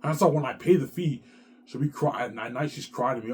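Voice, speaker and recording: A man's voice: medium pitch, big pitch swings, fast, a little hiss or hum. Agitated rambling man in his thirties. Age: 30s. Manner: agitated, repetitive, heavy swearing. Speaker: vlogger. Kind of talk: rambling monologue to camera.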